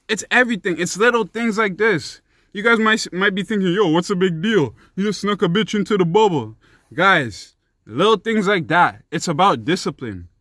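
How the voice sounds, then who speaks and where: A young man rants about sports in a heated, swearing vlog voice. His voice sits high and sounds bright and forceful. The recording is dry and close. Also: no room sound. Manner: profane, heated and emphatic. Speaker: sports commentary vlogger. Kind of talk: ranting sports commentary.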